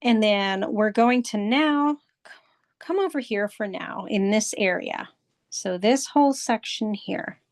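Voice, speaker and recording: A woman's voice: medium pitch, unhurried, no echo, studio quality. A woman art instructor leading a step-by-step drawing lesson, patiently walking through and repeating each step. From United States.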